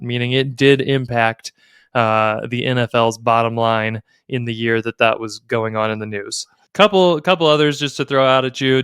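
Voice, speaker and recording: A man's voice: mid-range voice, fairly bright tone, clear, resonant tone, dry recording, studio quality. A man co-hosting a casual podcast conversation, playfully quizzing his co-host like a game show.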